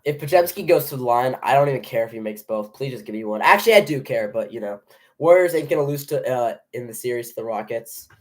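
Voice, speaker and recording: A young man calling a basketball game live as a worried fan, at an ordinary middle pitch. He talks in anxious bursts, trips over his words and restarts them. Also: fast. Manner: nervous, excitable, stumbling over restarts. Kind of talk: live play-by-play reaction.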